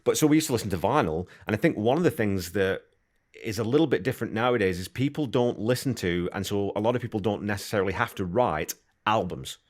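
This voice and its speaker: A man's voice: lowish voice, lively intonation, quick pace. A man hosting a podcast interview, enthusiastic and conversational, thinking aloud as he asks questions. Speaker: podcast host. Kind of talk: casual interview chat.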